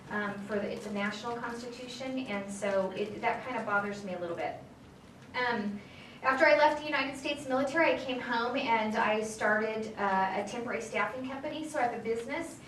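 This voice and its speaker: A woman's voice: on the high side, a bit bright. Chatty woman speaking in an echoey room. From California, Central Valley. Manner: chatty storytelling with many fillers and asides. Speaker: state assembly member giving a talk. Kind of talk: informal speech to a political group. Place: meeting room at a local political gathering. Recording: echoey room, distant, faint background noise.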